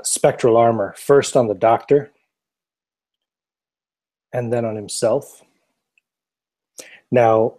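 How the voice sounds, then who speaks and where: Man, tabletop player, mellow voice, hesitant, filler words. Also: on the low side. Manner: hesitant, rules-checking, many fillers. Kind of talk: tabletop game play, casual.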